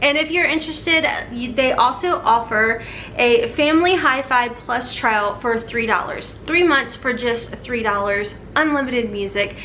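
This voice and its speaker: Chatty woman vlogger, slightly high. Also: measured pace, bright, forceful tone, a little hiss or hum. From Kentucky. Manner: chatty, rambling, self-deprecating. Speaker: beauty vlogger. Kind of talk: casual makeup tutorial chat.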